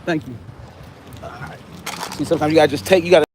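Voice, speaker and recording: A man's voice: a little high, steady tone, fast talker, a little mellow, a little hiss or hum. A man from the United States hosting a casual livestream, loose and joking with his viewers, a little tired. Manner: loose and joking, slangy, answers chat comments. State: tired, yawning. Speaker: livestream host. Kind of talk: casual live-stream chat with viewers.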